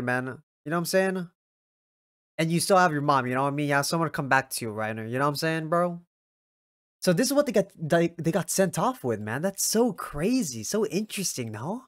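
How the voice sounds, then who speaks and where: A young man giving casual reaction commentary while watching an anime episode. He swears often and breaks into loud, excited yells. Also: a little high, no room sound, studio quality.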